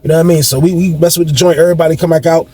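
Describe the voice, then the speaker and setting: A man's voice: a little high, little pitch movement, racing, mellow, slightly rough. A man casually telling a long story in a rambling, slangy way, addressing his listeners directly.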